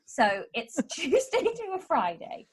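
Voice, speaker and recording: A woman's voice: high voice, wildly swooping pitch, slow pace. A woman comedian chatting as a podcast guest, sardonic and mock-grumpy as she rants, laughing between lines. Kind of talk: casual podcast chat.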